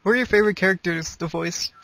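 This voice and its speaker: High-voiced man asking short questions. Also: quick pace, creaky, bright, forceful tone, dry recording. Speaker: interviewer.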